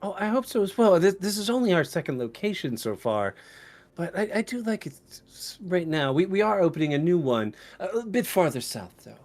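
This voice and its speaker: A man voicing a pale, mousy elven librarian woman who speaks softly and stammers. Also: high voice, big pitch swings, brisk, pitched above the performer's own voice. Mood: meek, polite. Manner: soft, stammering, polite.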